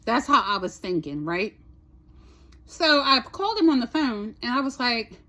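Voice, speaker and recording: A chatty woman with a slightly high voice recounts a trip in a loose, rambling storytime style. She swears casually and keeps checking in with "right?", speaking. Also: big pitch swings, moderate pace, pushed and bright. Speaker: storytime vlogger.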